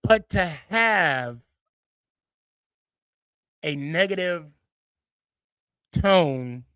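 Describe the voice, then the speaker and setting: Man, podcast host, casual rambling monologue, bright forceful voice, dry close sound. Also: extremely slow, smooth, dry recording. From Dallas-Fort Worth area. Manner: rambling, repeats himself, many restarts and fillers; excitable, jumps higher when animated.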